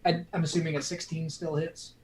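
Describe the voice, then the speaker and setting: A man running a tabletop game as game master, relaxed and laughing often. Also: a little high, brisk, a little hiss or hum, rough recording.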